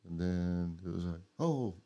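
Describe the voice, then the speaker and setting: Deep, mellow-voiced man chatting casually. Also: normal speed, lo-fi sound. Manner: profane, rambling storyteller. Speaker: podcast co-host. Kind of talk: casual late-night chat.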